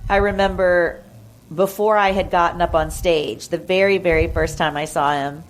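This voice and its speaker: A woman's voice: fairly low pitch, steady tone, normal speed. Chatty woman telling a story. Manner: chatty, gushing, full of fillers and acted-out quotes. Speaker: podcast guest. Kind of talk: casual storytelling chat. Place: podcast studio.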